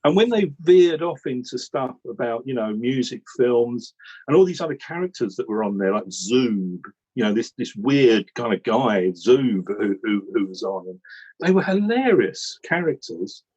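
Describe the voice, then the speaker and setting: Rambling, animated Englishman with a husky voice. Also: mid-range voice, normal speed, highs cut off. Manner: rambling, animated storytelling with many restarts. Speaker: regular commentator recalling how he joined. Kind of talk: casual chat.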